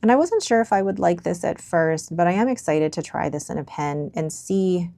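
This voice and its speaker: Woman, young adult, casual review chat, mellow and a little gravelly, very dry close sound. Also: lowish voice, lively intonation, moderate pace, no room sound. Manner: chatty, musing, drops to near whispers at times. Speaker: stationery vlogger. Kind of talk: casual ink swatch review.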